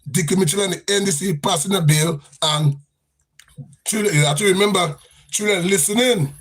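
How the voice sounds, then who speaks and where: A Grenadian man hosting a livestream, delivering a fiery political rant. His voice sits high and sounds husky. He keeps circling back to the same phrases in a lilting, sing-song cadence. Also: normal speed, fairly bright tone. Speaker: livestream host.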